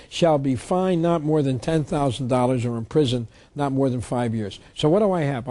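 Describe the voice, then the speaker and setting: Emphatic man lecturing, mellow tone. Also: fairly high pitch. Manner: emphatic, reads statutes aloud. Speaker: lecturer on tax law. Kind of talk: public lecture.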